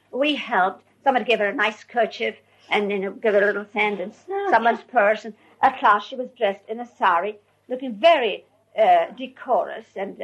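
A woman recounting her memories to an audience in an animated way, often laughing as she tells. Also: mid-range voice, breathy edge, highs cut off. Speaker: storyteller.

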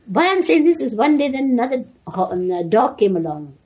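An older woman reminiscing in an animated way, often laughing and restarting her sentences. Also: on the high side, a little fast, husky, poor audio. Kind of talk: reminiscing storytelling.

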